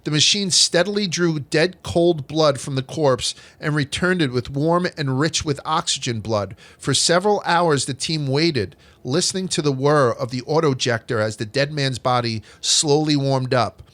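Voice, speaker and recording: This podcast host has a slightly bright, higher-than-average voice and talks at a normal speed with almost no pauses. He reads out old history as a profane, joking storyteller, packing in crude jokes and swearing for his comedic show.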